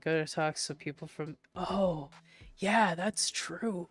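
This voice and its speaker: An art streamer from Prince Edward Island, Canada, with a faint local accent, chats playfully with her stream chat and repeats words to test how she says them. Her voice is low and steady at a measured pace.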